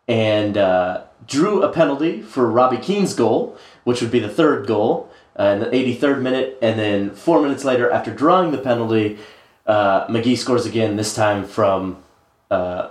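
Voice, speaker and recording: A man co-hosting a casual sports podcast, rambling with many filler sounds as he recaps matches. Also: fairly low pitch. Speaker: podcast co-host. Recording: roomy echo.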